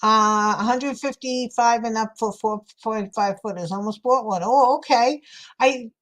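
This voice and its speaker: A woman with a New York accent hosts a craft livestream and chats with her viewers as she works. Her voice sits a little high, and she laughs easily between chatty remarks. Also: unhurried. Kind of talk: casual chat while crafting.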